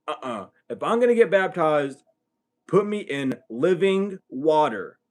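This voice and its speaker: A man's voice: a little high, sing-song, a little slow. A young man hosting a late-night livestream, talking bluntly and profanely in a casual monologue that rises into heated outbursts. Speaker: livestream host.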